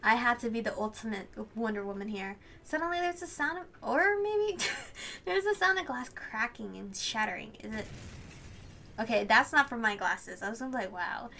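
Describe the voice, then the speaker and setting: Bright-voiced woman gushing over a game. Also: fairly high pitch, a little fast, gravelly, a little hiss or hum. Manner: excitable, gushing, swears and laughs at the story. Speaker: let's play host. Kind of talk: reading a visual novel aloud with reactions.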